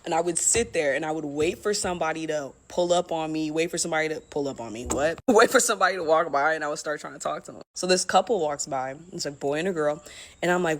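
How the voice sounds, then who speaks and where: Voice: mid-range voice, fast talker, slight background noise. A speaker telling a personal story in a candid, casual way, swearing often and laughing at themself.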